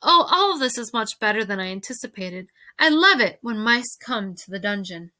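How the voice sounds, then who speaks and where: A woman's voice: medium pitch, big pitch swings, normal speed, bright, forceful tone. A woman voicing a cruel, gleeful old male rat who relishes trouble, in a read-aloud storybook. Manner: relishing, mocking.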